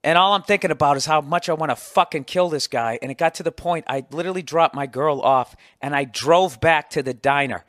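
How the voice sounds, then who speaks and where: American podcast host, forties, profane self-mocking storyteller, slightly high voice. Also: male voice, brisk, hardly any pauses, a bit bright, no echo, clean studio sound. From United States. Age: 40s. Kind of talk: casual storytelling monologue.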